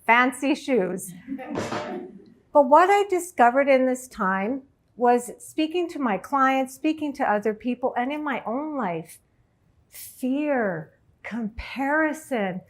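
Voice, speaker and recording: A middle-aged woman, a life coach, telling a personal story to an audience in an emotional, halting way. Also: high voice, animated. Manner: emotional, halting, tearful at times.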